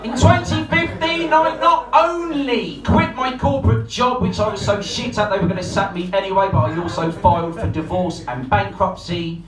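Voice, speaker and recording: A man in his forties from England rambles through a stand-up set, swearing freely and mocking himself. His voice sits high, and it comes across distant and roomy, as if taped from the back of the club. Music plays underneath. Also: normal speed, hardly any pauses. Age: 40s. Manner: profane, rambling, self-mocking storytelling. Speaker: stand-up comedian. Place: comedy club stage before a live audience. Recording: roomy live hall from far off, music behind.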